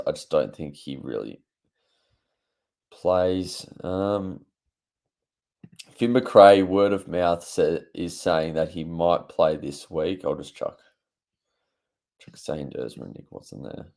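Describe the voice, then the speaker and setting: A young fantasy football YouTuber talks casually to his channel, offhand and chatty with frequent fillers. His low voice is gravelly and darkish, moving at a slow pace with long pauses.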